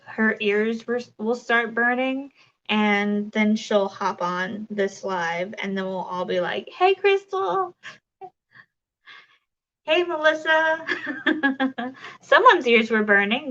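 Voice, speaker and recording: Slow-talking chatty woman livestreamer. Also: medium pitch, fairly bright tone, highs cut off. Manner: chatty, rambling, many fillers and restarts. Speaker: livestream crafting host. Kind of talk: casual livestream chat reading comments.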